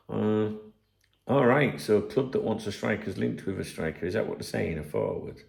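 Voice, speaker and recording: His voice is fairly low, a little mellow and touched with vocal fry, with lively intonation at a moderate pace. Hosting a football channel alone, he reads the news out and sarcastically rants at it, swearing freely, in a roomy-sounding recording.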